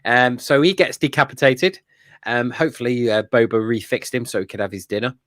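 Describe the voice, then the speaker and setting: A man co-hosting a fan review podcast chats in a rambling, eager way, dotted with fillers and laughs. His mid-range voice is fairly bright and a little fast, with studio-quality sound and no echo.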